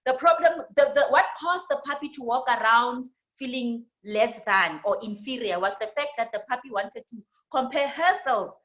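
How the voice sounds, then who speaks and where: South African woman teaching, higher voice. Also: moderate pace, few pauses, a bit bright, highs cut off. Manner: tag questions, repetitions. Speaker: women's ministry trainer. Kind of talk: church leadership teaching.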